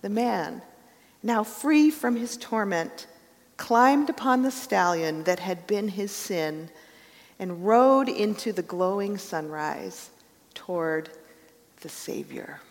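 A woman preaches and tells a parable in an earnest, measured way, her voice sitting in a middle register. A long reverb trails behind her, as in a large church hall. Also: medium pitch, lively intonation. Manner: earnest storytelling, softening to hushed prayer. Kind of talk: sermon with read-aloud story.

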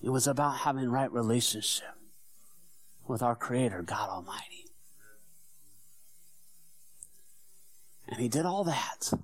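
A man's voice: medium pitch, expressive, moderate pace, dry recording, natural voice. A man playing Peter, an earnest fisherman apostle. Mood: sorrowful, hushed. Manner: storytelling, swinging from hushed whispers to fervent shouts. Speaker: dramatic monologue performer. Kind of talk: first-person dramatic church monologue.

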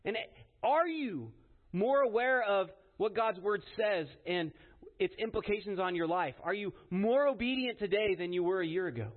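A man's voice: high voice, normal speed. A man preaching a sermon in an earnest, emphatic way, often checking in with his listeners by asking "right?". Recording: tinny phone-like sound.

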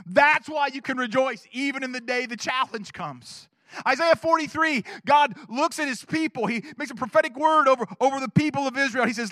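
A male pastor delivers an animated sermon that shifts between loud urging and quiet asides. His voice is unusually high and bright. The sound is dry and close. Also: brisk, dry recording. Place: church.

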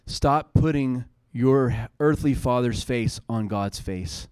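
A man's voice: medium pitch, slow, darkish tone, clean tone, no room sound, clean studio sound. A man in his thirties preaching a sermon, earnest and conversational, building to fervent passages. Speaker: pastor.

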